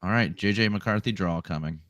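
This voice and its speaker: A man with a somewhat low voice talks fast, tossing quick jokes into casual chat at a game watch party. The sound is dry and close. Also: a bit bright, no room sound.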